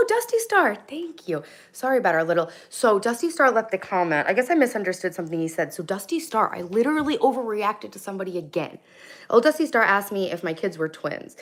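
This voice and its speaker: A hungover woman in her thirties chatting bluntly on a live stream from her kitchen, reading out and answering comments. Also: on the low side. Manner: chatty, blunt, swings between loud and soft, reacts to chat. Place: home kitchen.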